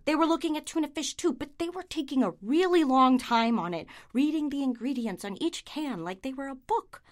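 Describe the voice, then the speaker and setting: A woman's voice: high-pitched, expressive, brisk. A woman performing a comic monologue as a neurotic, anxious woman who rambles and pities herself. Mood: rambling. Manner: rambling, self-pitying.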